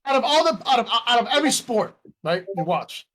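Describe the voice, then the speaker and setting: A man with a notably high voice chats on a podcast with his buddies. He talks in an excitable, slangy way and laughs often. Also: brisk. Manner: excitable, laughs, drops "bro" and "yo". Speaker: podcast co-host. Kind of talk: casual chat.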